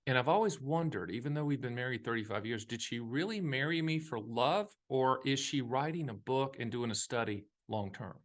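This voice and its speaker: A man's voice: medium pitch, animated, brisk, hardly any pauses. A man in his fifties hosting a casual monologue on retirement money, folksy and emphatic, with jokey asides and a touch of a Southern accent. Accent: Southern US at times. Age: 50s. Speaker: annuity advisor and show host.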